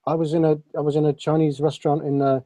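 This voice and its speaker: A man chatting casually, calm and matter-of-fact. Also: a little high, quick pace, dry recording. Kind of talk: casual chat.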